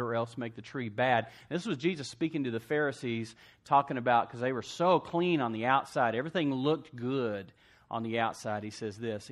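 A man preaching a sermon to a church congregation, asking "amen?" and swinging from hushed asides to loud emphasis. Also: mid-range voice. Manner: call-and-response preaching, asks congregation "amen?". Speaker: pastor.

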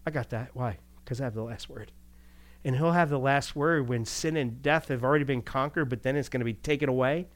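A male pastor delivering a conversational sermon, animated, asking rhetorical questions and chuckling between points. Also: medium pitch, brisk.

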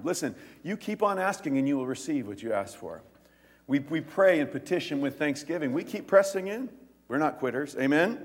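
A male pastor preaching a sermon, retelling stories in a lively, animated way and acting out the voices. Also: on the high side, in a large hall. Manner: animated storytelling, acts out voices, laughs.

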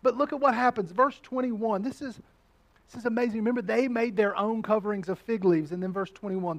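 Male pastor, high voice, preaching cadence with rising repeated questions and hushed drops. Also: a little fast. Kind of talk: sermon.

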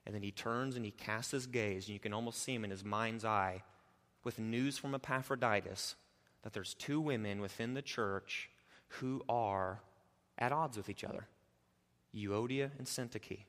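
A man preaching an expository sermon, moving between quiet explanation and loud, emphatic urging. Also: fairly low pitch, normal speed, in a large hall. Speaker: pastor.

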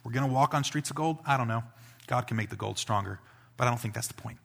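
A male pastor giving a conversational sermon, building to emphatic peaks and dropping to quiet asides. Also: medium pitch, fast talker, gravelly.

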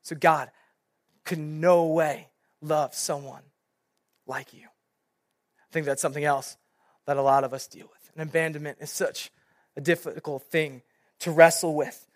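A young man, a youth pastor, preaching a sermon in an animated storytelling way, with many casual fillers. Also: fairly high pitch, measured pace, pauses often, dry recording, clean studio sound.

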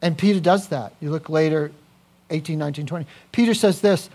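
Animated male pastor preaching. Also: fairly high pitch, brisk. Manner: animated, swings from quiet to loud, personal asides. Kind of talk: sermon.

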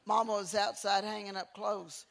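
A folksy preacher man delivers his sermon in a high voice. His tone is bright and ringing, and he tells stories with animated, preacherly energy from a church pulpit. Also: moderate pace, gravelly. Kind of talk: sermon with storytelling.

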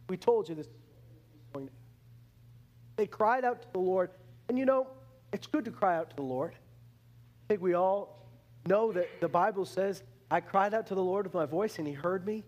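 A man preaching a sermon in an animated way, repeating words and restarting phrases as he acts out the people he talks about. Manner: animated, acts out the complaining Israelites in a higher voice.

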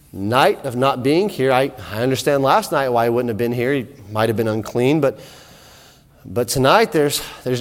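A man's voice: mid-range voice, in a large hall, voice pushed down, natural voice. A man playing King Saul, volatile and jealous. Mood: coaxing. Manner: swings from coaxing to screaming rage.

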